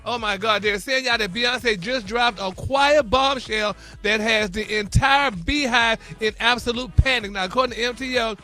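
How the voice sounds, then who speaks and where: A man's voice: very high voice, normal speed, few pauses, pushed and bright, soft background music. A man delivering a celebrity gossip segment on morning radio, flamboyant and theatrical, saying honey and y'all constantly.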